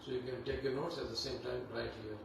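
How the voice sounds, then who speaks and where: Teacher, man, gravelly low voice, casual class talk, recorded far off in an echoey temple hall with noise. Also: flat delivery. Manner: unhurried, conversational, many fillers. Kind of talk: devotional class talk with Sanskrit chanting. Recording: echoey hall, distant mic, background noise.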